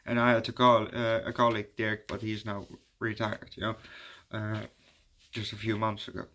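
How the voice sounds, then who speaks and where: A man's voice: fairly low pitch, completely flat delivery, normal speed, bright, forceful tone. Rambling man reviewing a movie. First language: Dutch. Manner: rambling and hesitant, many fillers and restarts. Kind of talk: casual spoken movie review.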